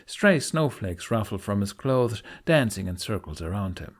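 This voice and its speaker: Expressive male audiobook narrator. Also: fairly low pitch, moderate pace. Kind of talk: fan fiction audiobook narration.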